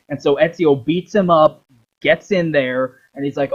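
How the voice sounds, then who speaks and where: Profane, rambling young man with a fairly high voice. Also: steady tone, moderate pace, dull audio. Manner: profane, rambling, acts out quotes. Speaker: video host. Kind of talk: rambling game commentary.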